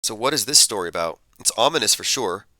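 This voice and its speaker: Male commentary host, casual and skeptical, lowish voice, crisp and bright. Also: expressive, fast, dry recording. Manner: skeptical, conversational, thinks aloud with fillers. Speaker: podcast host. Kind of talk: casual commentary reading tweets and headlines.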